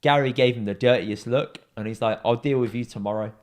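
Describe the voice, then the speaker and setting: Young male podcast co-host, lively storyteller who does the voices, mid pitch. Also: brisk. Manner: animated storyteller, acts out quoted voices with big pitch jumps. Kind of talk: casual storytelling chat.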